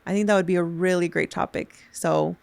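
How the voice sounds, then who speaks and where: A woman's voice: on the low side, steady tone, brisk, creaky, darkish tone, no room sound. A woman co-hosting a podcast in casual chat, talking in a chatty, giggly way with rambling restarts. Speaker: podcast co-host.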